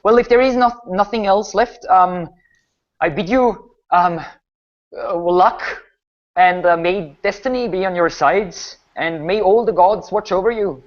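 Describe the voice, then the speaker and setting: Guy doing a nervous stuttery baron, kinda high voice, dull lo-fi sound. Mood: formal. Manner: halting, stammering, anxious. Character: worried middle-aged male village baron.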